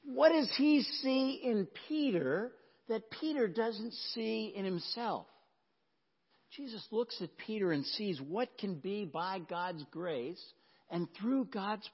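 A man preaching a sermon as pastor, earnest and emphatic, often dropping to a hush. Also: high voice, lively intonation, slow pace, breathy edge. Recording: dull sound with long hall reverb.

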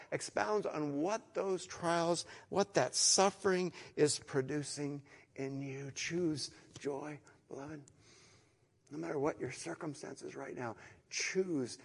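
A middle-aged man delivers a sermon, earnest and searching, dropping to near-whispers and then rising to emphatic declarations. His voice sits a little high with a gravelly edge. A long reverb trails his words. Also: animated, unhurried. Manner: earnest, swings from hushed to emphatic, repeats words. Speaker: pastor.

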